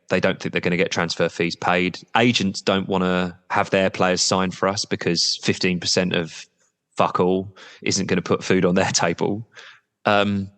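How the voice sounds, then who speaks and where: Man, very low voice, candid, rambling, blunt, long reverb. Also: fairly bright tone. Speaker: football supporters' trust representative. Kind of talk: podcast interview guest.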